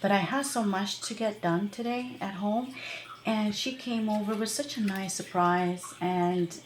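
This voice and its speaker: A woman's voice: mid-range voice, unhurried, echoey room, a little hiss or hum. A woman tarot reader talking casually to her viewers, rambling and chatty, with many fillers and laughs. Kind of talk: casual tarot reading to camera.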